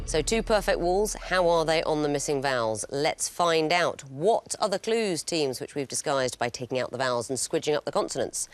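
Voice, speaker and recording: A woman hosting a quiz show, crisp and wry, announcing clues and scores with dry jokes. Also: low voice, animated, normal speed, hardly any pauses, faint music behind. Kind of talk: quizmaster patter with dry jokes.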